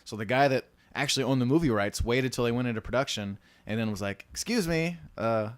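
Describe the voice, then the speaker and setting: A man's voice: mid-range voice, quick pace, no echo. A man casually telling film-business stories, slipping into mimicked voices for the people he quotes. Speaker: podcast co-host.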